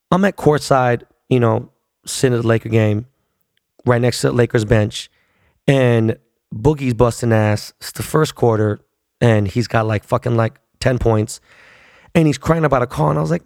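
A man's voice: mid-range voice, normal speed, gravelly, a little mellow, no room sound, studio quality. A man in his forties telling a long, profane story in a casual, rambling way, full of fillers. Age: 40s.

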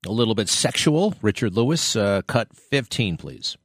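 A low-voiced man talks in a rambling, casual way, wandering into asides. The recording is dry and close. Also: very animated, moderate pace, no room sound. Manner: rambling, chatty, asides and laughs. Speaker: podcast host. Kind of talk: casual monologue.

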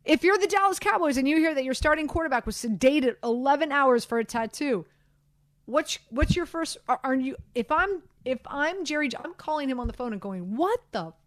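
A woman hosting a sports radio show, chatting in an animated, self-deprecating way with lots of fillers, on a studio microphone. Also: high-pitched, a little fast, dry recording. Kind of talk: casual sports talk chat.

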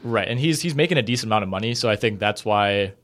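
A man's voice: fairly low pitch, expressive, fast, fairly bright tone. A man co-hosting a podcast, talking through basketball trades in a casual, conversational way with lots of fillers. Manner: conversational, hedging with many fillers. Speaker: podcast co-host.

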